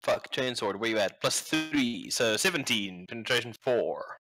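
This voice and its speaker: Excitable swearing man at a game table. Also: medium pitch, moderate pace, music in the background. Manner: excitable, swears loudly at setbacks. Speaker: player.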